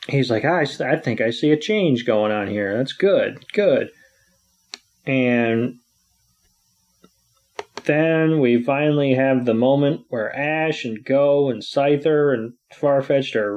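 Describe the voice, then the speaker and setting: A man co-hosting a podcast who thinks out loud, hedging and correcting himself as he goes. His voice sits in a middle range. The recording is slightly dull and lo-fi. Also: mid-range voice. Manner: musing, second-guesses himself, acts out quotes. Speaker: podcast co-host. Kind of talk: casual chat.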